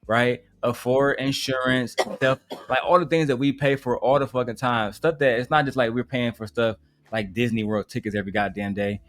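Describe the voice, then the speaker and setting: A man's voice: mid-range voice, fairly even intonation, moderate pace, fairly bright tone, slight background noise. A man hosting a reaction livestream, talking in a blunt, profane, ranting way. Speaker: livestream host. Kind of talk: casual reaction stream chat.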